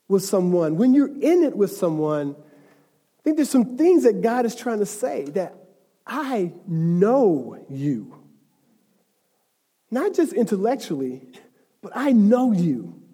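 A man with a high but mellow voice preaches to his congregation. He talks in an easy, chatty way and builds to passionate, emphatic stretches. His voice rings with a long reverb in a church sanctuary. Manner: conversational, rising to emphatic passion. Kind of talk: sermon.

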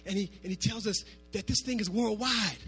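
A man with a very high voice preaches a sermon, talking to the room like friends. He moves between hushed asides and loud, emphatic bursts, with faint music playing underneath. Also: brisk, breathy edge. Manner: animated, swinging from soft asides to shouting. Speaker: pastor.

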